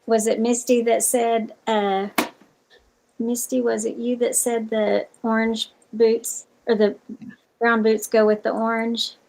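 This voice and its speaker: A woman's voice: a little high, little pitch movement, slow pace, vocal fry, a little mellow, slight background noise, poor audio. A woman joining a casual livestream chat, asking questions and teasing.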